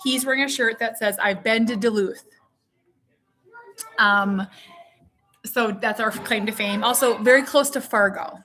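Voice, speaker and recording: Forties mom, fairly high-pitched, casual home-vlog delivery, teasing and sing-song. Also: female voice, measured pace, pauses often, pushed and bright, faint music behind. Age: 40s. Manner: playful, teasing, sing-song with her child. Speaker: mother vlogging.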